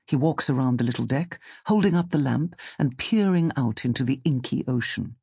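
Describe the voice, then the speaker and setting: A man narrating an audiobook story in a calm, measured way on a close studio mic. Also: mid-range voice, gravelly, husky, dry recording.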